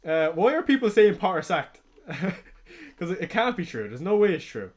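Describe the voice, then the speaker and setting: A young Irish man hosting a fantasy football livestream, talking casually and excitably, swearing and laughing often. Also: sits high, slow pace, long pauses.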